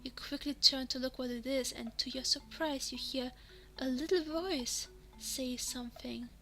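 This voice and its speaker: High-voiced woman reading a text adventure. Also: steady tone, measured pace, bright, forceful tone. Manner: reads in second person, sometimes drops to a whisper. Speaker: game narrator. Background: background music.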